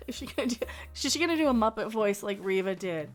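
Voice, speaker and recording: A woman with a slightly high voice delivers a blunt, sarcastic commentary rant, rambling and laughing as she goes. Faint music plays underneath her. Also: sing-song, quick pace. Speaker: channel host.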